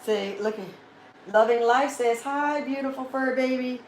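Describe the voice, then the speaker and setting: A woman's voice: on the high side, normal speed, slight background noise. A woman, chatting casually on a home livestream, laughing often and cooing at her dog. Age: 50s. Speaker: vlogger hosting a live chat. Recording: echoey room with faint ambience.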